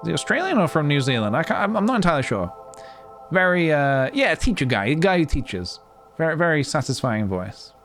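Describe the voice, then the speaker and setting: A young man chatting casually to his live-stream viewers as he plays a game, playful and chatty, with sudden excited squeals. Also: fairly high pitch, fairly quick. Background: faint game music.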